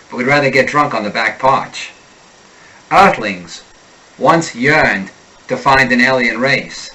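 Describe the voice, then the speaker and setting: A man's voice: mid-range voice, sharp tone, rough recording. A man reading as a weary, bitter male Martian who resents Earthlings, in a brooding, defiant monologue. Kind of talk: reading a sci-fi passage aloud.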